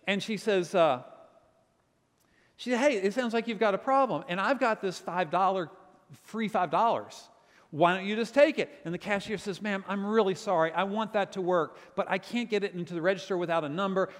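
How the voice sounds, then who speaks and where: A man from Virginia, a pastor preaching a sermon and telling stories with lively quoted voices. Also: high voice, long reverb tail.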